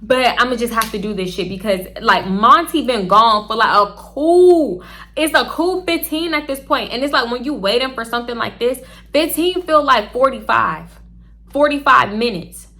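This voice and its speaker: Young woman vlogger, high bright voice, chatty storyteller who cusses and addresses viewers directly. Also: normal speed. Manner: chatty, animated, swears freely, talks straight to viewers. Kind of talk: casual storytelling to camera.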